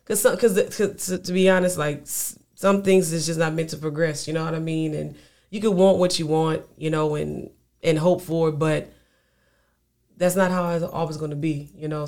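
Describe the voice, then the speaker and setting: A woman's voice: sits low, a little mellow. A young woman singer-songwriter talking casually as an interview guest, rambling with many fillers.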